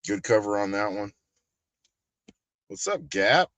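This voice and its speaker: A man, high and ranting with heavy profanity in a casual livestream about collectibles and prices. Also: animated, slow pace, fairly bright tone, no room sound. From Texas. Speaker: collectibles channel host.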